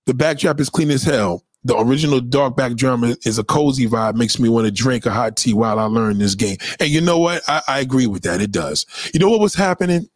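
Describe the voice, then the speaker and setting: A man hosting a casual livestream rant, profane and animated, often putting on the voices of the people he quotes. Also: medium pitch, a little fast, few pauses, no echo, clean studio sound. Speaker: live stream host.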